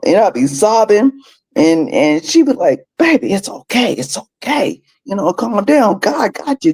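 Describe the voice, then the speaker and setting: A mellow young woman, halting and rambling. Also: lowish voice, poor audio. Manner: rambling, halting, many restarts. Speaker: guest, host's adult daughter. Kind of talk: casual personal talk.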